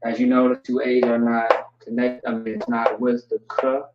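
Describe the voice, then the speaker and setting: A man teaching a language class online, relaxed and joking, spelling words out slowly. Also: medium pitch, heavy background noise. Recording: distant, roomy, dull mic sound.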